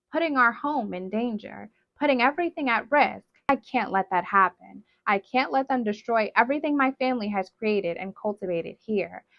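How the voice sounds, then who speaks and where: A woman voicing a cruel, possessive witch mother who threatens and commands loudly, on a dull, dry recording. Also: fairly high pitch, no echo. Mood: cold.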